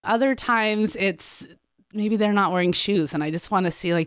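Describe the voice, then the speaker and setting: A woman's voice: medium pitch, moderate pace, smooth, no room sound, clean studio sound. A woman speaking candidly as a guest in casual conversation, acting out what she says to people. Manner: candid, animated, acts out quotes. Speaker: guest, program director.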